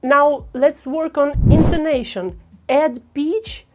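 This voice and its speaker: Slow, deliberate woman coaching speech. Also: sits high, a little mellow, soft background music. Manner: slow, deliberate, demonstrative delivery. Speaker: speaking coach. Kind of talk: on-camera speaking lesson.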